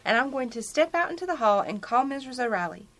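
An actress playing a sensible, wisecracking young roommate in a 1950s radio sitcom. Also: female voice, high-pitched, big pitch swings, fast talker, background noise. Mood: brisk.

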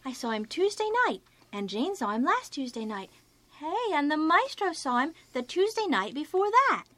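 An actress playing a scatterbrained, naive young secretary in a 1950s radio sitcom, with a high breathy voice. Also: female voice, sing-song, moderate pace, a bit bright.

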